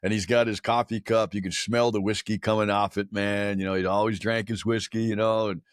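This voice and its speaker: A man in his sixties talks as a podcast guest in a lowish voice. He tells stories casually, bluntly and with plenty of swearing and slang. The recording is dry and close. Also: little pitch movement, fairly quick, no echo. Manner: blunt, profane, slangy, peppered with "man" and "dude". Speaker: podcast guest, military veteran. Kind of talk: casual storytelling in a podcast interview.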